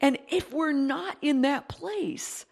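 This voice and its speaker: Animated middle-aged woman preaching. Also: high voice, slow, vocal fry. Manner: animated, swinging between loud emphatic bursts and quiet confiding asides. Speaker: preacher giving a testimony. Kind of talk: sermon testimony.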